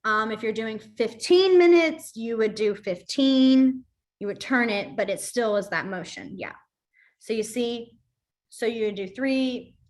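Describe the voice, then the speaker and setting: A young adult woman teaching a beginners' sign language class, explaining hand movements in a chatty way with quick asides. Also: a little high. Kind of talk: casual online class instruction.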